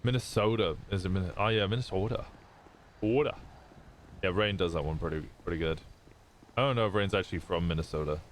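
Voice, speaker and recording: A man with a lowish voice chats casually on a live stream, rambling and swearing freely as he thinks aloud. A faint hiss of noise sits under his voice. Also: fast, fairly bright tone.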